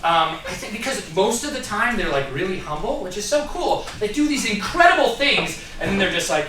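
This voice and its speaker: A man doing a stand-up comedy set on a theatre stage, animated, acting out characters in shouted voices. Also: sits high, fairly quick, hardly any pauses, a little hiss or hum. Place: theatre stage with live audience. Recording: echoey theatre, distant mic, crowd laughter. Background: audience laughter.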